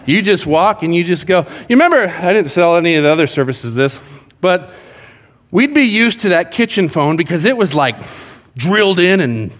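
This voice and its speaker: A middle-aged man preaching a sermon to his church, an animated storyteller who jokes and acts out what people say. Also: high voice, normal speed. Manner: animated, joking storyteller acting out quotes. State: out of breath. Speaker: pastor. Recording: long hall reverb.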